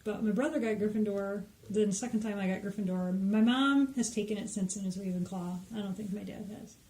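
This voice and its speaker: A soft-spoken woman co-hosting a podcast who answers with short agreements. Her voice carries a roomy echo, at a middle pitch. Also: fairly quick. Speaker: podcast co-host. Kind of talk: casual chat.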